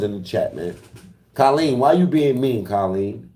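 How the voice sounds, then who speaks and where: Mellow-voiced man taunting his chat. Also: medium pitch, animated, a little slow, echoey room. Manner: taunting, profane, trash-talking. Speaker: livestreamer. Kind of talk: casual livestream talk to chat.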